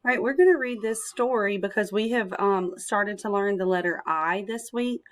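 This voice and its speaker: A woman teacher reading a picture book aloud to young children, in a gentle, sing-song storytelling manner with phonics asides. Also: mid-range voice, moderate pace.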